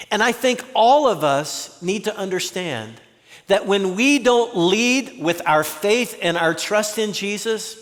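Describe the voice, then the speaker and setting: High-voiced man preaching in a hall. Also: a bit bright. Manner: conversational, acts out quoted voices. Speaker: pastor. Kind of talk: sermon.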